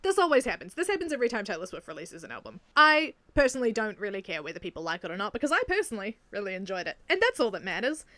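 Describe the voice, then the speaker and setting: A young woman with a New Zealand accent, chatting excitedly in a casual video, gushing and often laughing. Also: medium pitch, very fast, hardly any pauses, no room sound. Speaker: video creator. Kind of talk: casual enthusiastic video commentary.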